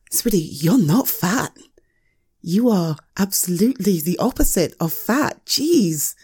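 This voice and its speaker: A young woman in a one-sided audio role-play as a caring partner, gentle and soothing with hesitant pauses, close to the mic. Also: medium pitch, very animated, breathy edge, no echo.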